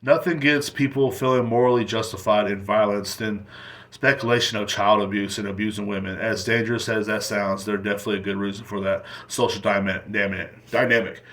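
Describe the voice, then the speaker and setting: A man's voice: fairly low pitch, steady tone, fairly quick, fairly bright tone. A young man hosting his own podcast, telling crude stories in a rambling way and laughing at his own jokes. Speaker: podcast host. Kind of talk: rambling solo podcast storytelling.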